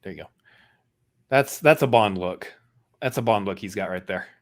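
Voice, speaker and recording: Halting low-voiced man in casual chat. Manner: rambling, halting, self-deprecating. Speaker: podcast co-host.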